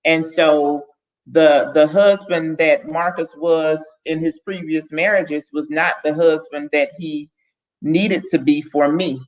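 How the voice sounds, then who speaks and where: A woman's voice: low-pitched, fairly even intonation, takes it slowly. A woman who is a guest on a podcast, talking candidly and earnestly and often starting over in mid-sentence as she chats casually. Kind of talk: casual conversation. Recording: dull lo-fi sound.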